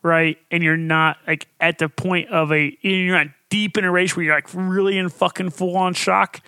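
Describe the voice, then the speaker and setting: A man co-hosting a podcast, chatting casually, swearing freely and telling animated stories. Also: high voice, normal speed, clean tone, no room sound. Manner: profane, animated storytelling. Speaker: podcast co-host. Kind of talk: casual chat.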